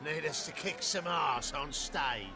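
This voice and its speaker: A man's voice: fairly high pitch, a little slow, a crowd in the background. An actor voicing a brash, boastful male pit fighter who talks crude and cocky, in video game acting. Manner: loud hollering showman, crude and cocky. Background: game music.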